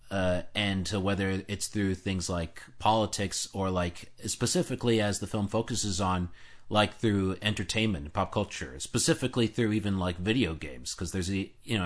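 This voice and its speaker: Low-voiced man musing haltingly. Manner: halting, filler-heavy. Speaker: podcast co-host. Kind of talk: casual film discussion.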